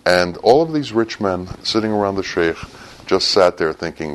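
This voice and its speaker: Very deep-voiced man telling a sermon story. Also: expressive, moderate pace, rough recording. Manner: swings from low and quiet to sudden loud, high bursts.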